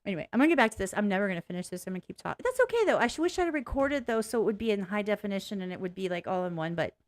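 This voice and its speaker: A woman's voice: mid-range voice, very animated, rapid-fire. A woman vlogging casually in a blunt, candid way, swearing freely, rambling and restarting as she talks. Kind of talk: casual reaction vlog.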